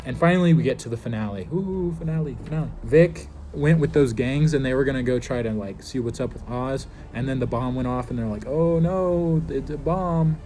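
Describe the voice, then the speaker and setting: A man's voice: medium pitch, a little fast, hardly any pauses, warm tone, faint music behind. A man casually recapping a TV episode, rambling loosely with many fillers. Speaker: TV show reviewer.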